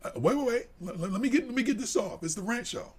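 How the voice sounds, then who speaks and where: A man co-hosting a live sports podcast, delivering a heated, profane rant that drops to low mutters and climbs to shouts. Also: expressive, fast talker. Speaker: podcast co-host.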